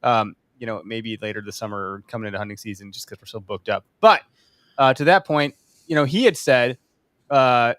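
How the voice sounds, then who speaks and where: A man's voice: mid-range voice, fairly quick, a bit bright, no room sound, clean studio sound. A man hosting a live podcast in casual chat, rambling and joking with frequent laughs. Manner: rambling, jokey, laughs often. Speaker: podcast host. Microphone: studio mic.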